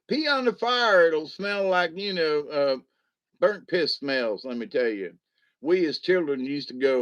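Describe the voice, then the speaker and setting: A man's voice: a little high, expressive, slow, a bit bright, no echo, lo-fi sound. A middle-aged man chatting casually on a livestream, joking, giggling often and slipping into funny voices. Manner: giggly, jokey, drops into put-on voices. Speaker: livestream host and puppeteer. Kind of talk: rambling casual livestream chat.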